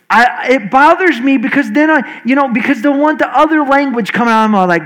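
A male pastor in his forties delivers a sermon in a fairly high voice. He talks quickly and earnestly, often restarting his sentences as the words tumble out. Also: lively intonation, a bit bright, poor audio. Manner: fast-talking, earnest, with frequent restarts.

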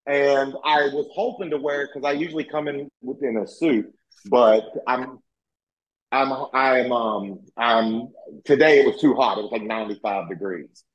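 A man's voice: medium pitch, normal speed. Casting: man, Virginia accent, rambling and emphatic guest on a dull lo-fi video call. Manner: rambling, self-correcting, emphatic. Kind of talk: casual chat.

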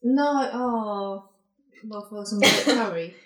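A woman's voice: mid-range voice, drawn-out words, fairly bright tone. A woman co-hosting a comedy podcast, giggly and cheeky in casual chat. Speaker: podcast co-host. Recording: roomy echo.

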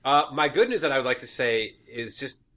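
A man co-hosts a casual podcast in easygoing, laid-back banter. His voice is bright and forward, and he riffs along amiably with his partner. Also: medium pitch, expressive, brisk. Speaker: podcast co-host. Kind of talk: casual chat.

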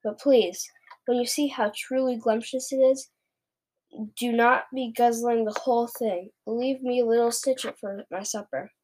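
A big, gentle male giant from a storybook, earnest and kindly, with muddled grammar, as a woman reading aloud puts him on. His voice sits fairly high. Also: steady tone, unhurried. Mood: pleading.

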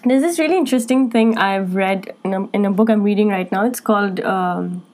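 Woman, podcast co-host, casual chat, chatty, medium pitch. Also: fairly quick, darkish tone. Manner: chatty, laughs often.

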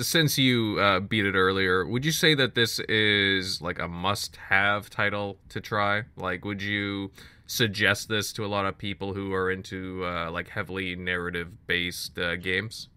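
Bright, smooth-voiced podcast host. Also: male voice, fairly low pitch, a little slow, no echo. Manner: easygoing, steers the talk, agreeable. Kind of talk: casual chat.

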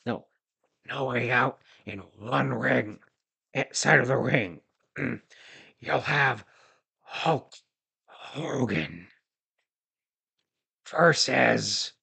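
A man putting on a blustering older boss from the wrestling world, pompous and threatening. The voice drags each line out slowly and deliberately, like a man who loves the sound of his own threats. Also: mid-range voice, expressive, gravelly, pushed and bright, husky, heavily acted.

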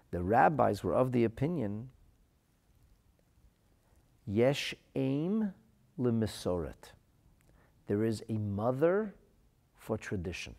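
A man teaching a Talmud lesson, asking rhetorical questions, reading Aramaic phrases and translating them, moving from quiet asides to loud emphasis. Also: lowish voice, vocal fry.

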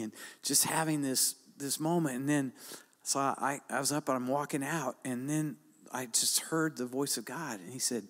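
A man's voice: medium pitch, fairly even intonation, normal speed. Older male pastor preaching, emphatic and repetitive, reverberant hall. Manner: preaches with repeated exhortations, rising loud and emphatic. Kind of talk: sermon.

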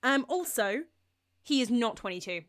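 Giggly young woman, lively pitch. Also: normal speed, dry recording, clean studio sound. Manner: giggly, animated, slangy. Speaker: podcast co-host. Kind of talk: casual chat.

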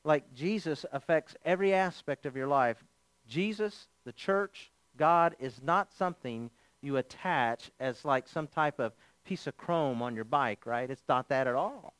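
High-voiced animated male preacher. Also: unhurried, clear, resonant tone, no room sound. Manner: animated, joking storyteller. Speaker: pastor. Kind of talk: sermon with humorous storytelling.

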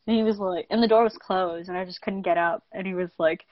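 A woman's voice: fairly low pitch, steady tone, fast, no room sound. A young woman co-hosting a podcast in casual chat, candid and self-mocking, often laughing. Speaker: podcast co-host. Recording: dry, dull lo-fi sound.

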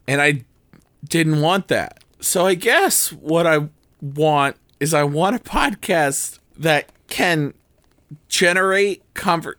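A tired man co-hosting a comedy podcast, rambling through a story, his voice jumping up and down in pitch and loudness. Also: takes it slowly, no echo. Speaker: podcast co-host.

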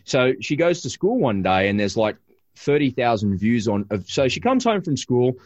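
Male podcast host, casual animated storyteller, lively pitch, dull lo-fi recording. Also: moderate pace, no echo. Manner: animated storyteller with many restarts.

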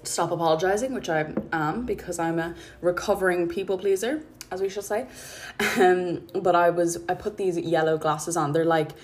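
A woman hosting her podcast, talking in a calm, chatty, rambling way into her phone at home. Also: on the low side, normal speed, slight background noise. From Ireland. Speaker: podcast host and mindset coach. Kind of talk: casual spoken podcast chat. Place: her apartment.

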